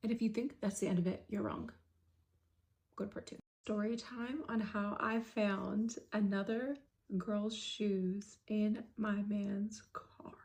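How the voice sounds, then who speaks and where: A young woman telling a storytime vlog, dramatic and fast, dropping into hushed asides. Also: medium pitch, steady tone. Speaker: vlogger. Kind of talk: storytime narration.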